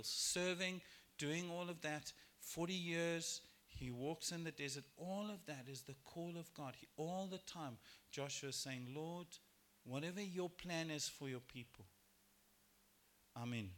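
A man preaching a sermon in church, lively and expressive, acting out biblical characters in raised voices. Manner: animated, acts out quoted voices with rising pitch and volume. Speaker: pastor. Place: church sanctuary.

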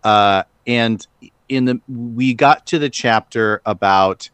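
A man in his thirties hosting a podcast, talking in a casual, halting way. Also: medium pitch, fairly bright tone, clean tone, no echo. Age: 30s. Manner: halting, restarts sentences. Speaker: podcast host.

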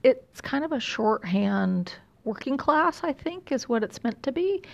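Woman, middle-aged, slight texas drawl, heavy vocal fry, rambling, dull lo-fi recording. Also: high voice, sing-song, unhurried. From California. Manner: rambling, self-deprecating, many fillers. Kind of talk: casual chat.

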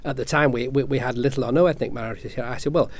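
A man's voice: medium pitch, steady tone, racing. A man in his sixties from Yorkshire, with a Yorkshire accent, telling anecdotes in a casual panel discussion, often restarting his sentences. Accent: Yorkshire English. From Yorkshire, England. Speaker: panel guest.

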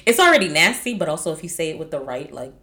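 A woman's voice: deep voice, big pitch swings, very fast, fairly bright tone. A woman co-hosting a podcast, chatting casually and ranting animatedly with laughter. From Haitian family. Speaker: podcast co-host. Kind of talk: casual chat. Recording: echoey room.

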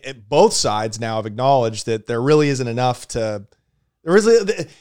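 A man hosting a casual reaction chat, joking crudely and cutting in with quick questions. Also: medium pitch, smooth. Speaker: host.

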